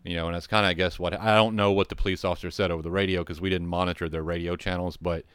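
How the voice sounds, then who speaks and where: A man's voice: sits low, flat delivery, rapid-fire, a bit bright, smooth, no room sound, clean studio sound. A man telling a rambling, profane story from his firefighting job, with restarts and asides. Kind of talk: casual storytelling.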